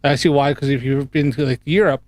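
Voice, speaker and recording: A man's voice: medium pitch, fairly even intonation, brisk, dry recording. A man hosting a casual reaction commentary, chatty and mocking, often laughing. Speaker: host.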